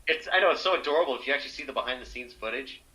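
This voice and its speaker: A man's voice: mid-range voice, rapid-fire, pushed and bright, rough recording. A man co-hosting a podcast in casual chat, enthusiastic, swearing freely and filling his speech with "like". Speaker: podcast co-host.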